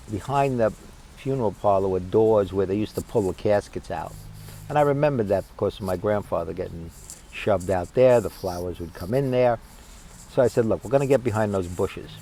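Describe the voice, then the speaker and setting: A man tells a comic tale from his youth. His voice is on the low side, and he talks in a lively, offhand way with the odd curse thrown in. A faint hiss sits under the recording. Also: low-quality recording. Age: 60s. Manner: animated, conversational, profane. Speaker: storyteller. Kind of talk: comic personal storytelling.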